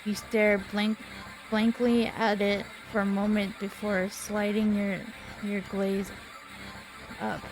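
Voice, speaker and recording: A woman in her twenties, a gamer reading horror game text aloud in a slow, dramatic way. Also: mid-range voice, level tone, background noise. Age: 20s. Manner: slow, dramatic reading with sudden startled outbursts.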